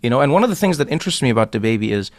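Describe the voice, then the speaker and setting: A man hosting a casual podcast chat, a playful and animated storyteller who acts out the people he talks about. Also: mid-range voice, very fast, no room sound. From South Africa. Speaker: podcast host.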